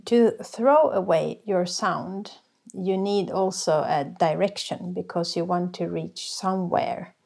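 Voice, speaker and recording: A woman's voice: fairly low pitch, slow pace, vocal fry, a little mellow. A woman vocal coach teaching a folk singing workshop, explaining exercises patiently with sung demonstrations.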